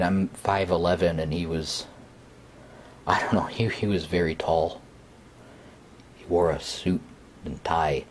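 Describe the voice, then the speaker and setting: A man narrating a first-person horror story in a hesitant, conversational way, with fillers and pauses. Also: deep voice, a little hiss or hum.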